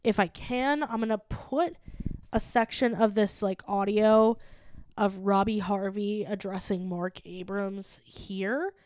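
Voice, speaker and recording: A woman's voice: medium pitch, steady tone, slow pace, darkish tone, clear, resonant tone, no room sound. A young woman co-hosting a comedy podcast, chatting casually and animatedly with plenty of filler words. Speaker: podcast co-host. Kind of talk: casual chat.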